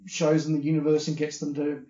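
Australian man, fairly high voice, casual podcast chat, opinionated, echoey dull room recording. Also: monotone, brisk, dark tone. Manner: chatty, opinionated, repeats words when starting. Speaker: podcast co-host. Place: hotel room.

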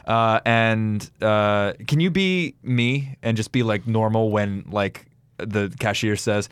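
A man's voice: lowish voice, slow, few pauses, smooth, dry recording. Dry-voiced joking guy co-hosting. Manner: jokey, riffing, trails off mid-sentence. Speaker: podcast co-host and editor. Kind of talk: casual comedic banter.

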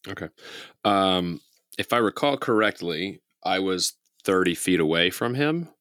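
A man playing a tabletop game, thinking aloud in a relaxed way with many ums. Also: sits low, measured pace, no room sound, studio quality. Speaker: player. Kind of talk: casual tabletop game chat.

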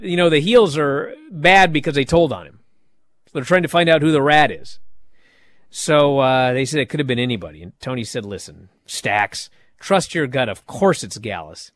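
Recapping wrestling on his podcast, this male host chats casually and lampoons the figures he talks about with mocking impressions, all in animated storytelling. He speaks on the high side, with no echo in the recording.

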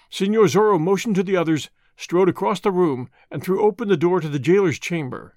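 A man reading an adventure novel aloud as an audiobook narrator, with steady, expressive storytelling. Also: high voice, brisk, few pauses, no echo, studio quality.

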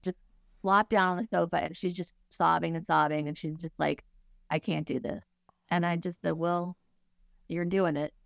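A woman's voice: on the low side, fairly even intonation, normal speed, gravelly, no room sound. Earnest woman counselor sharing candidly. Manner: earnest, candid, acts out her own thoughts. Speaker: grief counselor guest. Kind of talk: heartfelt conversational interview.

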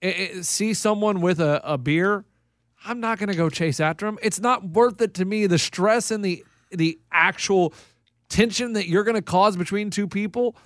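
A male radio host with a high, bright-sounding voice tells stories in loose, casual chat. He gets animated and loud as the story heats up. The sound is close and dry. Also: normal speed, no room sound.

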